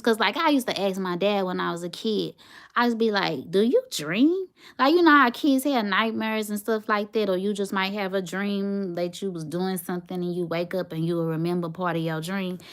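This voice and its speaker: A woman's voice: mid-range voice, expressive, normal speed, a bit bright. A woman, telling a personal story to her viewers in a heartfelt, emotional way. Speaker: vlogger, single mother.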